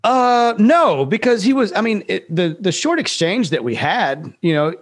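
A man's voice: high-pitched, very animated, moderate pace, no echo. A man, a musician guest telling a rambling story in a casual interview, with restarts and laughs.

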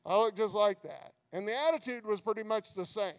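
High-voiced preacher, repeating himself. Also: male voice, fairly quick, smooth. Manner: repeats words, builds to impassioned preaching. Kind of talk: sermon.

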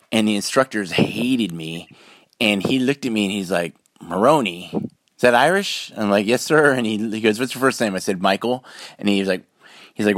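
Earnest male guest who rambles through stories; low-pitched voice. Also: no echo. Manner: rambling, earnest, acts out quoted people. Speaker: podcast guest, military veteran. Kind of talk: casual interview storytelling.

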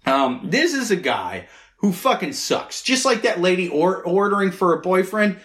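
High-voiced man ranting profanely. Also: sing-song, normal speed, fairly bright tone. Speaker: podcast co-host. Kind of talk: casual comedic advice chat.

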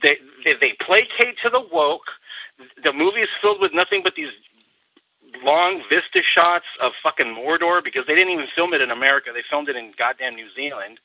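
A man's voice: on the high side, very animated, a little fast, vocal fry, sharp tone, highs cut off. A man on a podcast ranting angrily about movies, swearing often. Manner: angry, profane, ranting. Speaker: co-host film critic. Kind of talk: casual podcast rant.

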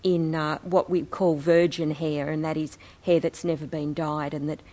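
Woman presenter, lowish voice, calm and explanatory, addressing an audience. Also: moderate pace. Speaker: presenter, co-editor of a book. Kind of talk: presentation with slides. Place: talk before an audience.

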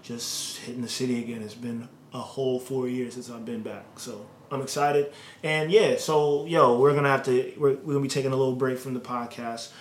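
A man's voice: medium pitch, steady tone, a little fast, few pauses, roomy sound. A man co-hosting a podcast, joking and bantering in casual chat. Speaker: podcast co-host.

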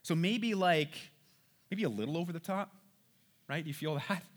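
A man's voice: fairly high pitch, moderate pace. A man teaching from the Bible in a conversational way. He reads passages aloud, then comments on them casually and often checks in with his listeners.

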